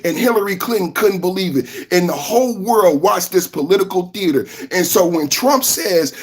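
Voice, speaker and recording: High-voiced man ranting emphatically. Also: animated, moderate pace, few pauses, breathy edge. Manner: emphatic, repetitive, bursts into shouting. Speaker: podcast host. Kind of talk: political reaction commentary.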